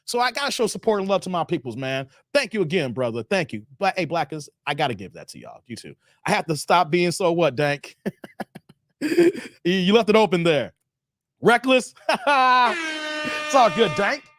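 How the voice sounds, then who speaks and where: Man, live stream host, high voice, playful, dry close sound. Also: big pitch swings, normal speed, no room sound. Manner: playful, laughs often, talks to chat. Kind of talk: casual live reaction commentary.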